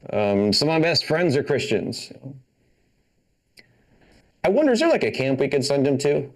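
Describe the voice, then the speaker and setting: A man's voice: mid-range voice, huge pitch swings, normal speed. A man in his forties doing a stand-up set about family life, talking in a sheepish, hedging way full of fillers. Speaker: stand-up comedian.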